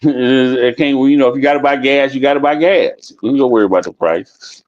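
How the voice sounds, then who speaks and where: A man's voice: medium pitch, moderate pace, darkish tone. Blunt, profane man in a dull recording. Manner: blunt, profane, repeats himself while telling stories. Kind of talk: casual chat. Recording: dull lo-fi sound.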